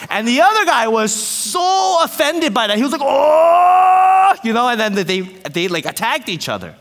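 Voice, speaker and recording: A man preaching a lively sermon to a congregation with kids, animated and jokey with playful asides. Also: extremely high pitch, a little fast, big-room sound. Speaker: pastor.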